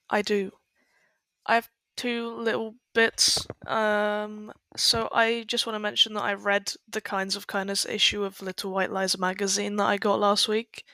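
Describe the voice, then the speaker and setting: A young woman co-hosting a podcast, giving brisk, matter-of-fact updates in casual chat. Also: medium pitch, pushed and bright, no echo. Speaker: podcast co-host.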